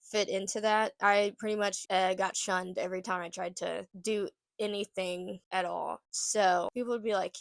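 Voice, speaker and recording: A young woman with a Southern drawl talks straight to camera in a casual vlog, her wording oddly formal and careful. Her pitch sits mid-range, and the sound is close and dry with no room echo. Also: steady tone, moderate pace, vocal fry, few pauses. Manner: very formal, precise diction. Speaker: online creator and streamer.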